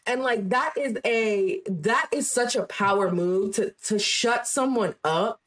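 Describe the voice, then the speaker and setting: A woman co-hosting a podcast, retelling a scene in an animated, heated way and quoting people as she goes. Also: a little high, unhurried. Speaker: podcast co-host. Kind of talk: casual chat.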